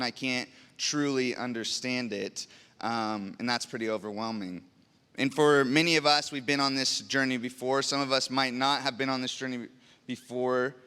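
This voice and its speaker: A man's voice: medium pitch, bright, forceful tone, clear, resonant tone. A young adult man preaching a sermon in a church, in a casual, conversational storytelling way. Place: church sanctuary. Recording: long church reverb.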